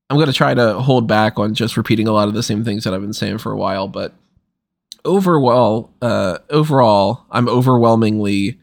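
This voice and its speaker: A man's voice: on the low side, no echo, studio quality. A man hosting a casual podcast chat while a little under the weather, talking in a wry, deflated, complaining way. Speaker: podcast host.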